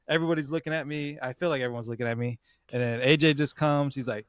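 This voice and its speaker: A young man tells a competition story on his podcast at a quick pace, his mid-range voice fairly bright. Slangy and profane, he calls his listener "bro" again and again. The audio is dry and studio-clean.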